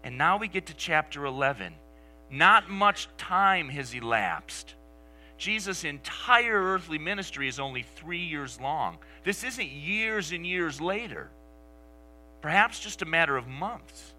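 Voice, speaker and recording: Pastor guy preaching, really expressive voice, gets quiet and whispery sometimes. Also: on the high side, measured pace, soft background music, rough recording. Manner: animated storytelling, drops to soft near-whispers for emphasis. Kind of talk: sermon.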